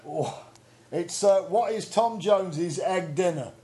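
A man with a notably high voice hosts a silly mock quiz show. He reads clues in a playful, flustered way and teases the contestant. His tone is chatty, light and full of banter. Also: slow pace, mellow. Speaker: quizmaster.

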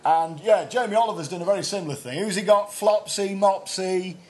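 A man riffing through casual comedy banter. His voice sits notably high for a man, and he jumps excitably from one joke to the next. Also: a little fast. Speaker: co-host.

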